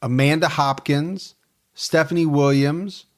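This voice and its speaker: A man with a somewhat high voice hosts a casual podcast. He chats easily and runs through listener names with quick asides. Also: fairly even intonation. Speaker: podcast host. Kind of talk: casual chat.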